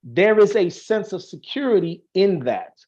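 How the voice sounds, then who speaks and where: A man's voice: high-pitched, very animated, normal speed, a little mellow, highs cut off. A man explaining things in casual chat, earnest and stopping to restart his sentences often. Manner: earnest, thinks aloud with many restarts and fillers. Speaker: Masonic officer, guest on an online show.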